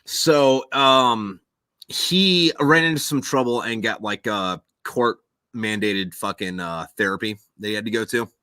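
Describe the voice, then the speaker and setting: A man's voice: fairly low pitch, measured pace, bright, forceful tone, clean tone, dry recording. A man hosting a podcast, telling a rambling, profane war story in casual chat and acting out quoted voices. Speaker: podcast host.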